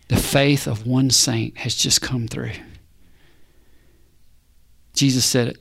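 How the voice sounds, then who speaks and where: A man preaching a sermon, animated and punchy, firing rhetorical questions and calls back to the congregation. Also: mid-range voice, slow, gravelly, long pauses.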